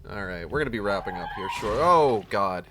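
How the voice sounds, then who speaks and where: A young man commenting live on a horror game, grumbling and cursing with dry sarcasm. His pitch swings a lot as he complains, jumping up when he is annoyed and sinking low when he mutters. A faint hiss sits under his close desk mic. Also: lively intonation, a little fast. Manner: frustrated, swearing, sarcastic muttering. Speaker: streamer playing a horror game. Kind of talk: casual live-stream commentary.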